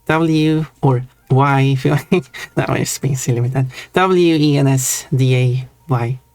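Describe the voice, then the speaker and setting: A man's voice: mid-range voice, fairly even intonation, darkish tone, dry recording. A man from Sweden with a Swedish accent, chatting playfully on a stream. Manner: playful, drawn-out, laughs between words. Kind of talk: casual stream chat.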